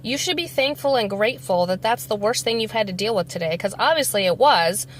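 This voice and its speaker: A young woman chatting while driving, telling a rambling, animated story as a vlogger. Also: mid-range voice, fairly quick. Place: inside a car. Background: faint car noise.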